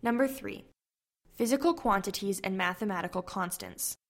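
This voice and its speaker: A woman hosting an educational podcast, reading a scripted explanation in a clear, measured way. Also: medium pitch. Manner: clear, measured read-aloud delivery. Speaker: podcast host explaining writing rules.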